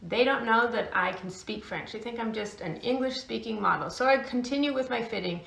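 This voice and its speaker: A woman's voice: on the high side, a little fast, vocal fry, a bit bright. A woman who works as a fashion model, telling a story casually to the camera. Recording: echoey room.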